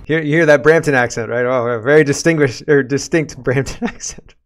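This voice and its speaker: An animated man in his forties delivers a casual commentary monologue. He keeps a mid-range voice and often chuckles between his points. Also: mid-range voice, brisk. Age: 40s. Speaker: political commentary host.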